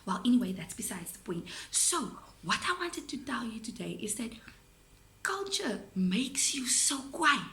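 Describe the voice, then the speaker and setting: Playful south african lady teacher, bit high voice that jumps all over, echoey room. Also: measured pace. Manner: chatty, playful, animated. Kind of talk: casual video lesson to students. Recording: roomy echo.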